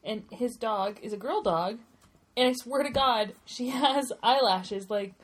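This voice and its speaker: Chatty woman co-host, thirties, a bit high, laughs through her stories. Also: a little slow. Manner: chatty, giggly storyteller. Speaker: podcast co-host. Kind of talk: casual chat.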